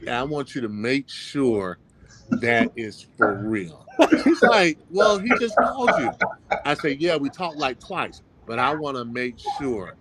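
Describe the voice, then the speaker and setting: A man's voice: mid-range voice, very animated, a little slow, over a noisy crowd, rough recording. A man, a former professional football player, telling stories in a casual interview, acting out the voices of people he quotes and laughing often.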